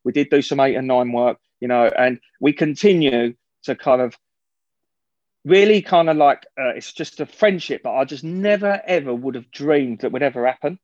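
A man's voice: mid-range voice, normal speed, darkish tone, dry recording. A man speaks frankly at a recovery meeting, looping back and restarting his sentences as he goes. The sound is dry and close, with a slightly dull, muffled quality. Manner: rambling, frank, swears, many restarts. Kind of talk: personal share at a recovery meeting.

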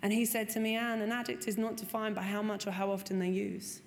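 A woman shares her recovery story as a personal testimony, speaking frankly and expressively, swearing and acting out what people said to her. Her medium-pitched voice moves little in pitch and comes fast. Long hall reverb and faint room noise color the recording.

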